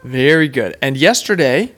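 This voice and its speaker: A woman in her thirties hosts a casual family podcast, gently quizzing and praising her young son like a teacher. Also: extremely low pitch, expressive, normal speed. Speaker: podcast host and homeschooling mother.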